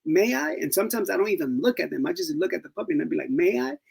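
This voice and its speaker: A man co-hosting a podcast, his gravelly, husky voice sitting a little high and bouncing widely in pitch. He chats casually and tells stories in an animated way, often dropping into quick put-on voices. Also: rough recording. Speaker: podcast co-host. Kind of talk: casual chat.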